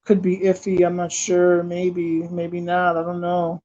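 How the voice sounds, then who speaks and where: A coy, wavering drunk young woman, her voice pushed up high and hesitant, as a man puts her on. She dithers and plays hard to get. The recording sounds dull and lo-fi. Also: monotone, unhurried, warm tone.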